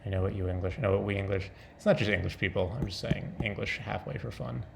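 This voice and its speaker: A man's voice: fairly low pitch, fairly even intonation, quick pace, creaky, slight background noise. A man talking off the cuff in a casual vlog, rambling, breaking off mid-thought and laughing often.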